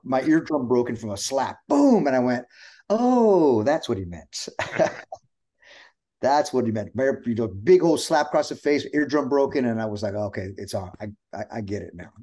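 A man's voice: mid-range voice, moderate pace. A middle-aged man, a pro wrestler guest, chatting casually and acting out the voices of people in his stories. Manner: animated storyteller acting out quotes. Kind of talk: casual chat.

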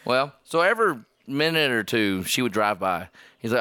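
A man's voice: mid-range voice, expressive, moderate pace, bright, forceful tone, smooth, no room sound. A man telling a story in casual podcast chat, laughing, swearing and acting out the cops' lines. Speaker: podcast host. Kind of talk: casual storytelling among friends.

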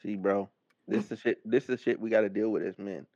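A man's voice: lowish voice, fairly even intonation, fairly quick, a little mellow, no echo, muffled recording. A man co-hosting a casual podcast chat, blunt and profane, joking as he talks. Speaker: podcast co-host.

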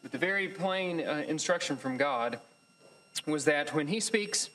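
Man teaching a halting, thoughtful class. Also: fairly high pitch, expressive, a bit bright, a little hiss or hum, rough recording. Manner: thoughtful, halting, with frequent fillers and restarts. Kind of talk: lecture.

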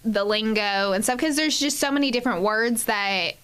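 A woman's voice: a little high, normal speed, a bit bright, clear, resonant tone. A woman in her thirties with a Northern US accent mixed with Southern, chatting casually and explaining with examples. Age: 30s. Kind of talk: casual chat.

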